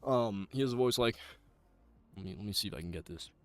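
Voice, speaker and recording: A man's voice: on the low side, quick pace. A young man streaming voice-acting practice, chatting casually with joking, profane, self-deprecating asides into a close desk mic. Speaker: voice actor streamer. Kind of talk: casual livestream chat.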